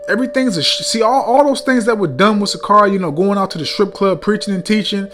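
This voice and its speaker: A man's voice: sits high, quick pace, a bit bright, slight background noise. A man preaching a heated rebuke sermon, reading scripture between blunt, profane remarks, often stumbling over fillers and repeating "man".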